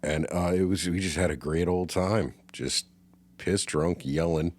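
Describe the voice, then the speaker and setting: A man's voice: deep voice, fairly even intonation, measured pace, dry recording. A man co-hosting a casual movie chat, swearing freely and laughing often. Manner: profane, laid-back, laughs often. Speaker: podcast co-host.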